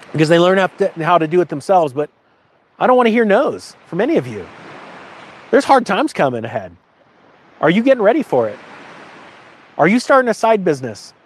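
A man talking casually to his viewers, telling an animated personal story and asking the audience motivational questions. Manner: animated storytelling, rises in pitch for quoted lines. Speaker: host.

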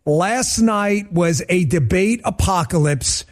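A man's voice: high voice, slow pace, voice pushed down. A man doing a mumbling old politician impression. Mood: mocking. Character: mocking impression of a rambling elderly male politician.

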